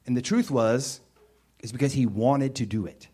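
A man delivering a sermon in an easy, conversational way, as if talking straight to the room. His voice sits at an ordinary middle pitch, climbing into loud, emphatic bursts before dropping back to a low, earnest tone. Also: moderate pace, breathy edge. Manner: animated, conversational preaching with rising emphatic bursts and quieter stretches. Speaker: pastor.

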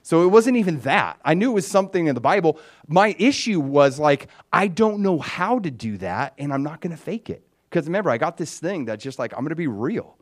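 A man giving a personal testimony as a sermon, telling it like a story, dropping to a hushed near-whisper and then rising to loud excitement. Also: a little high, brisk, hardly any pauses.

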